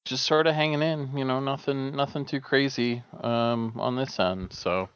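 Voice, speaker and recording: A man's voice: mid-range voice, steady tone, moderate pace, fairly bright tone, clear, resonant tone. A middle-aged man co-hosting a podcast, chatting casually and rambling with lots of fillers and restarts. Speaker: podcast co-host. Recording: dull lo-fi dry sound.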